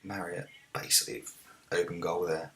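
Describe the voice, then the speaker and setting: A man hosting a let's-play, commentating on a football management game and shouting at the big moments. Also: low-pitched, flat delivery, moderate pace, a little hiss or hum. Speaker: gaming video host.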